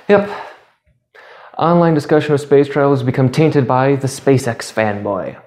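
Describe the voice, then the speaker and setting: A man hosting his own channel, delivering a commentary monologue with sarcastic, deadpan asides. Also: mid-range voice, normal speed. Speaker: YouTube channel host.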